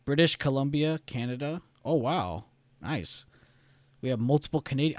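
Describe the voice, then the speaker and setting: A man's voice: medium pitch, expressive, normal speed, no echo. Rambling young man hosting a live stream. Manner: rambling, reads chat aloud, swears casually. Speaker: live-stream trading host. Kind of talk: casual live-stream chat.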